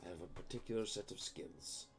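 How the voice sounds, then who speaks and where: A man's voice: low voice, normal speed, creaky, faint music behind. A man doing a menacing phone threat in a put-on Irish accent. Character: menacing male film hero making a phone threat.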